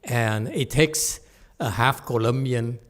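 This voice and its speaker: A man giving a teasing dharma lecture in a Buddhist hall, laughing often, repeating himself, and moving from soft asides to loud emphasis. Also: medium pitch, slow pace.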